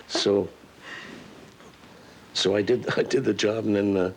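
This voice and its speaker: A man's voice: fairly low pitch, fairly even intonation, slow pace, pauses often, slight background noise. An older man, a voice actor, telling chuckling stories in a casual interview and slipping into character voices. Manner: chuckling storyteller who slips into character voices. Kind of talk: casual anecdotal interview chat.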